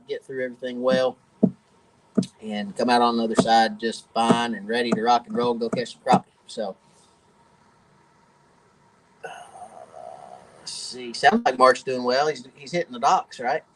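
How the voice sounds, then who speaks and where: A man's voice: medium pitch, fairly even intonation, moderate pace, pauses often, a little hiss or hum, poor audio. A man hosting a live-stream question and answer chat from his home workshop, folksy and talkative and laughing often. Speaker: host of a fishing channel.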